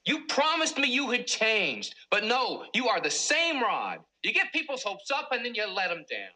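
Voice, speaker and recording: A middle-aged school principal from a 1990s sitcom, strict when crossed yet kind underneath. His voice is bright and animated, with wide swings in pitch. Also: normal speed, heavily acted, poor audio. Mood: angry scolding. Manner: scolding, then gentle and earnest.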